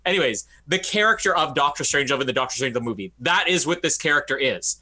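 A man co-hosting a casual movie podcast, laughing often and slipping into quick comic voices. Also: fairly high pitch. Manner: laughs often, animated, does quick funny voices for quoted characters. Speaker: podcast co-host. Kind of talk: casual movie-review chat.

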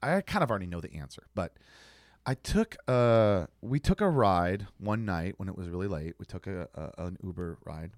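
Animated man telling a story. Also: low voice, normal speed, no room sound, clean studio sound. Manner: animated storyteller, acts out dialogue. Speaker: podcast co-host. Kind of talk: casual chat storytelling.

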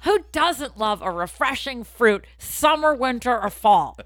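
Bright, wisecracking podcast co-host, woman from Boston, dry close sound. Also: on the high side, measured pace, no echo. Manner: wisecracking, deadpan asides, loud laughter. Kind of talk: comedic casual chat.

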